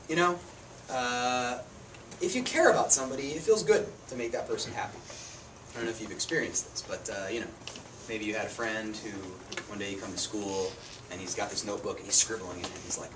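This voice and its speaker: A preacher with a mid-range voice talks fast and animatedly in a casual, conversational sermon. He tells stories about himself with self-deprecating humor, picked up by a distant mic with noticeable room noise.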